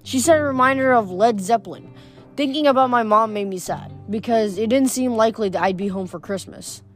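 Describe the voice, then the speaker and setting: A woman's voice: a little high, a little fast, soft background music. A woman reading a novel aloud in a plain voice, with small stumbles and self-corrections. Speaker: audiobook reader.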